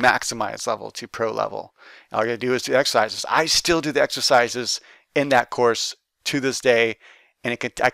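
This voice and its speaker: A man's voice: mid-range voice, vocal fry, fairly bright tone, no echo. A man chatting casually to camera as an art teacher, upbeat and rambling with lots of fillers and restarts. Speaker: art teacher and YouTube host. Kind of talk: casual giveaway chat to camera.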